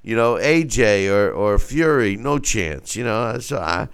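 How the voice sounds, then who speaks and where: A man talking boxing on a show as a guest, animated, with stammering restarts. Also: fairly low pitch, measured pace, gravelly, smooth. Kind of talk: casual boxing talk.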